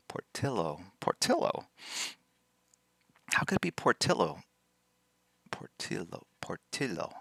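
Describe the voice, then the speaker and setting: A man's voice: on the low side, huge pitch swings, slow, creaky, long pauses, slightly rough, no echo, clean studio sound. Laid-back man chatting while drawing. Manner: playful, teasing, reacting to chat out loud; repeats words to practice pronouncing them. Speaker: artist hosting a live drawing stream. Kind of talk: casual live-stream chat while drawing.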